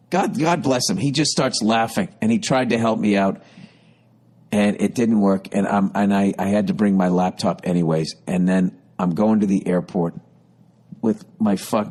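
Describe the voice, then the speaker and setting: A man in his fifties tells a comic story on his podcast. His delivery is an exasperated rant, full of swearing and frustration. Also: medium pitch. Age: 50s. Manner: profane, exasperated, ranting. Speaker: podcast host.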